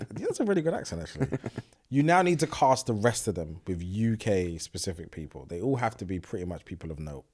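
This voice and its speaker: A man's voice: fairly low pitch, sing-song, a little fast, darkish tone, breathy edge. A man hosting an interview, encouraging and affirming. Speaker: podcast host. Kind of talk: conversational interview.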